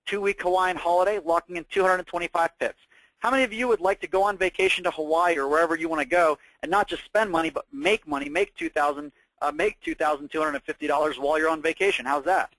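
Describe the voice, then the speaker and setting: A man with a high voice makes an upbeat sales pitch for a trading course. He keeps asking the audience rhetorical questions. The sound is dry and close. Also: fairly bright tone, no echo, low-quality recording. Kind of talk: sales presentation.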